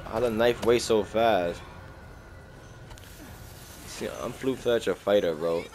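A man riffs through a horror game in loose, slangy commentary, often jumping into startled yelps. His voice sits on the low side, with faint room sound behind him. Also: noisy background. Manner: slangy, jumpy, with sudden startled outbursts. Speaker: gaming video host. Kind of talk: casual let's-play commentary.

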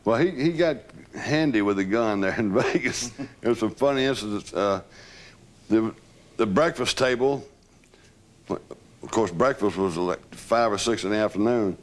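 An older man being interviewed, telling lively anecdotes with laughter and the odd curse. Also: lowish voice, moderate pace. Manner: animated storyteller, laughs, swears. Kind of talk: recounting stories.

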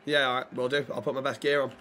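A man's voice: mid-range voice, level tone, fast talker, a bit bright, a little hiss or hum. A man streaming a roleplay game, chatting casually with other players and thanking viewers. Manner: laid-back, chats with viewers, thanks subscribers. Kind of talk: casual gaming chat and roleplay.

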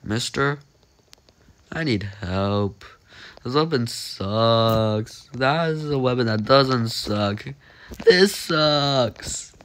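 Drawing out his words in a mid-range voice, a young man plays a game and narrates it with casual, animated jokes. He mostly talks to himself along the way.

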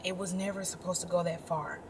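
A woman's voice: on the low side, little pitch movement, a little fast, darkish tone, soft background music, natural voice. An actress playing a remorseful young woman earnestly pleading and explaining on a phone call. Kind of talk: indie web drama acting.

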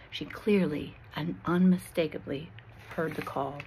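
A woman with a low voice tells a Christian allegory in a slow, expressive style and leans into every dramatic beat. A faint hiss of noise sits beneath her voice. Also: low-quality recording. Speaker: storyteller.

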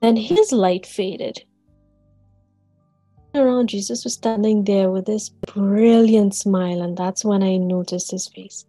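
A woman in her forties, an author and counselor, gives an earnest personal testimony in a deliberate, measured way, sometimes repeating words as she recalls the moment. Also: mid-range voice, dark tone, no echo, soft background music. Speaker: author and counselor sharing a near-death experience.

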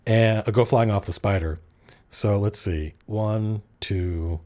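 A man's voice: on the low side, takes it slowly, mellow. A man narrating as game master at a tabletop game, casual and freely swearing as he works through the rules aloud.

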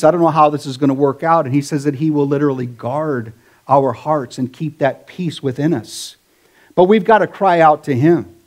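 High-voiced man preaching casually. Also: a little mellow. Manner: casual, conversational preaching with slang. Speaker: pastor. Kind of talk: sermon.

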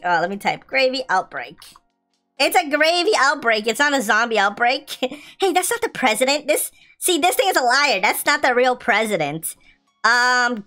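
A woman's voice: sits high, sing-song, unhurried, sharp tone, soft background music. A young woman commentating a zombie video game, playful and giggly, often reading the game's lines aloud. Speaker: gaming YouTuber. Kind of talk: let's-play commentary.

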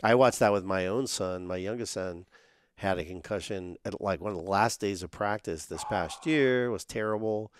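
Low-voiced man, conversational chiropractor guest. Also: normal speed, slight background noise. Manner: conversational, uses many fillers like "you know". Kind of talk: casual interview chat.

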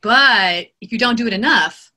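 A woman audiobook narrator and voice actor being interviewed, talking in an animated way, laughing often and acting out quotes. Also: on the high side, moderate pace. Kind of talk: interview conversation. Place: home studio.

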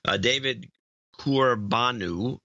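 A man's voice: medium pitch, slow pace, sharp tone, dry recording, muffled recording. A man co-hosting a podcast, chatting casually and reading out donor names and notes in a matter-of-fact way. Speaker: podcast co-host.

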